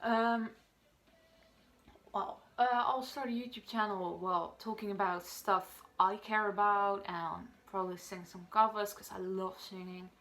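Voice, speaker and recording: Dutch-native girl, 18, rambling to camera, tons of fillers, mid-pitch voice. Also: steady tone, a little slow, fairly bright tone, soft background music. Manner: chatty, rambling, many fillers and restarts. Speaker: vlogger. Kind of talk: casual talk to camera.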